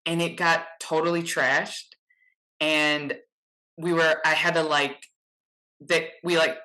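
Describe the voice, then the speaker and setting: Animated bright-voiced woman telling a story. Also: low-pitched, slow, rough recording. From Chicago area. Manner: animated anecdote teller with lots of "like". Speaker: podcast guest, musician. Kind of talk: casual chat, storytelling.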